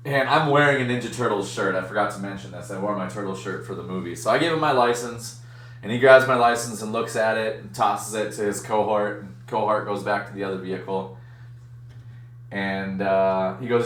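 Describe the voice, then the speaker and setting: A man's voice: lowish voice, moderate pace, echoey room, distant mic. A man hosting a live stream, telling a story casually and acting out the voices of the people in it. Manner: animated, acts out other voices in his story. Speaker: streamer and card-break host.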